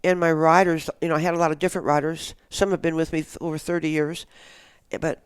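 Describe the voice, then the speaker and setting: A woman's voice: deep voice, level tone, fast, smooth, dry recording. An older woman, a guest in a podcast interview, telling stories in a rambling, enthusiastic way. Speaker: guest, action sports show organizer. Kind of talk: casual interview chat.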